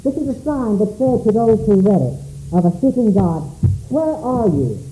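A man's voice: high-pitched, expressive, fairly quick, dark tone, echoey room, soft background music, rough recording. A man preaching a sermon in a church, calling out questions dramatically to the congregation. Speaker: pastor.

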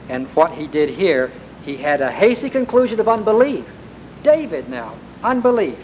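A man's voice: fairly high pitch, sing-song, normal speed, darkish tone, rough recording. A man preaching a sermon, retelling a story with emphatic rises and repeated words. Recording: faint background hiss.

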